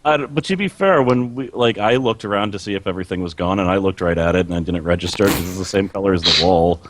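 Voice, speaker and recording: Casting note: deep-voiced male podcaster, loose rambling chat, dry close sound. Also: quick pace, dry recording. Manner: rambling, laughs mid-sentence, many "like" fillers. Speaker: podcast co-host and video creator.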